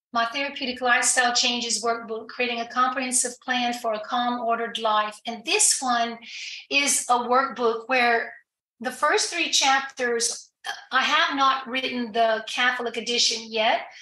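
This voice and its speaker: A woman's voice: a little high, fairly even intonation, a little slow, sharp tone, reverberant, low-quality recording. A woman guest on a podcast interview, explaining earnestly in a conversational way, with fillers and restarts. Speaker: guest addiction recovery professional.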